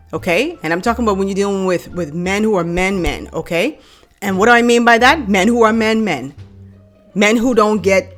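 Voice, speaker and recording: Blunt Bahamian woman vlogging. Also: mid-range voice. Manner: blunt, animated storyteller who addresses viewers directly. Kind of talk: casual opinion vlog.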